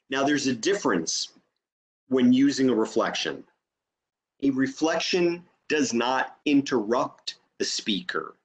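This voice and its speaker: A man's voice: mid-range voice, big pitch swings, a little slow, highs cut off. A man teaching an online training session over a video call, explaining step by step and checking in with "okay?".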